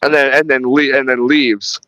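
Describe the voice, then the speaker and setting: A man's voice: mid-range voice, little pitch movement, moderate pace, bright, forceful tone, dry recording, rough recording. A man hosting a podcast, retelling film scenes in casual, rambling chat full of restarts and swearing. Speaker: podcast host reviewing a film.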